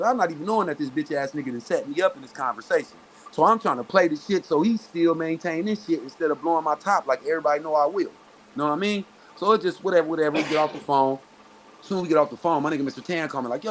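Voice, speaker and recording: A man from Southern California, a guest telling a story in a casual, profane, animated way and acting out other people's voices. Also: fairly high pitch, fast talker, slight background noise. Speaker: interview guest.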